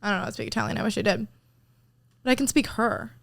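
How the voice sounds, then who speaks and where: Chatty young woman, rambling and animated. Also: a little high, rapid-fire, vocal fry. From New Jersey, USA. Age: young adult. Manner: rambling storyteller, frequent "like", swears casually. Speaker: podcast guest. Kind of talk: casual chat.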